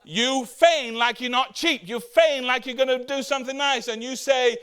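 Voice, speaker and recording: Very high-pitched, steady, a bit bright and clean in tone, a man preaches as pastor in a conversational way. He questions the congregation rhetorically and acts out what the Bible characters say in quick voices.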